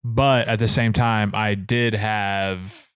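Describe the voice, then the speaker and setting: A man in his thirties co-hosting a casual podcast, telling rambling stories that build into loud excitement. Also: lowish voice, slow, clean tone, dry recording, studio quality. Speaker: podcast co-host. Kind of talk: casual chat.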